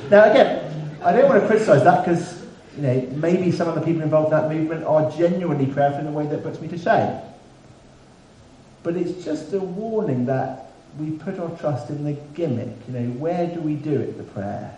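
A man preaching a sermon in a relaxed, conversational way with dry humour. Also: a little high, brisk. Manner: conversational, self-deprecating humour. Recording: echoey room, mic at a distance, faint background hiss.

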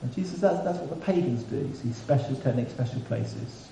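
A man preaching a sermon in a relaxed, conversational way with dry humour. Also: mid-range voice, fairly quick, creaky. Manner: conversational, self-deprecating humour. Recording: echoey room, mic at a distance, faint background hiss.

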